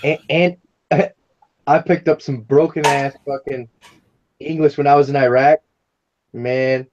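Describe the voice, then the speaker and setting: A man co-hosting a casual chat, loud and jokey, telling stories. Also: mid-range voice, fairly even intonation, measured pace, highs cut off, slight background noise. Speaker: co-host.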